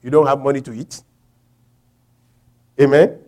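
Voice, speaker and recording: A man preaching a sermon, quoting scripture and asking the congregation rhetorical questions, swinging from quiet reflection to loud emphasis. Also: a little high, unhurried, pauses often.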